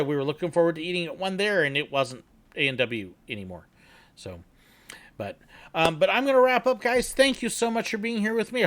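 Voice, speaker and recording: Chatty man hosting a livestream. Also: fairly high pitch. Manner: rambling and chatty, with many fillers and laughs. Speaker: livestream host. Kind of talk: casual livestream Q&A chat. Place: at home.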